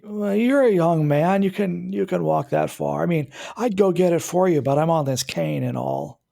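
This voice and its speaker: A man's voice: on the high side, moderate pace, gravelly, warm tone. A man voicing a fussy old male engineer neighbor who leans on a cane, in a drawling, folksy old-man impression during a tabletop role-play.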